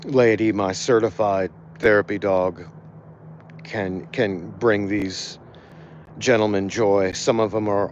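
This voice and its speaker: Tired, halting man on a dull lo-fi stream. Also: on the low side, steady tone, a little hiss or hum. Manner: halting, many fillers and restarts. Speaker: animal rescue volunteer. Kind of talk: casual livestream walkthrough. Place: outdoors by a cat shelter.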